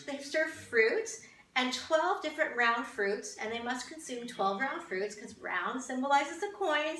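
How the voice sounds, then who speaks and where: A woman's voice: high voice, fairly bright tone, roomy sound, far from the mic, a little hiss or hum, poor audio. A woman from Canada chatting casually to camera as a vlogger, with wry, amused asides.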